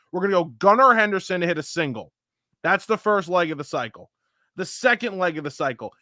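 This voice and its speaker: Podcast co-host, male, bright forward tone, chatty and animated, dry room. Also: sits high, dry recording. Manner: animated storytelling, joking. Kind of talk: casual sports chat.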